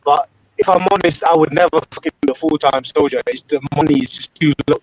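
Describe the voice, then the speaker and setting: Swearing southern English man, slightly high voice. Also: quick pace, dry recording, poor audio. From Britain. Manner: swearing, laughing, relaxed and chatty. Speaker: participant in open discussion. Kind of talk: casual chat on a live voice call.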